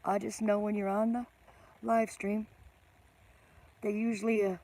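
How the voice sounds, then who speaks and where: A woman's voice: mid-range voice, level tone, a little slow, mellow. A middle-aged woman hosting a casual live stream, greeting viewers by name and teasing herself.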